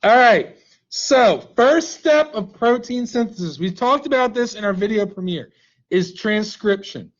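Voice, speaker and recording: High-voiced joking male teacher. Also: lively intonation, measured pace, dull audio. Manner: joking, playful, coaxing students. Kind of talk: live online class teaching. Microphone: computer mic on a video call.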